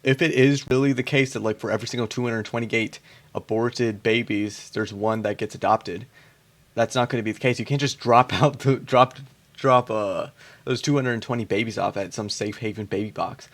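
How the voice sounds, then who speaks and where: A man's voice: fairly low pitch, fairly even intonation, normal speed. A man giving blunt, exasperated reaction commentary, mocking a debate and swearing at it.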